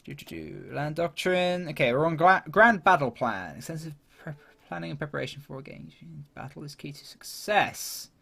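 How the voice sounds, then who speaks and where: A man's voice: on the high side, lively intonation, normal speed, vocal fry, bright, forceful tone. A man giving casual, chatty commentary while playing a strategy game, thinking aloud with plenty of fillers and laughing at himself. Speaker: gaming YouTuber.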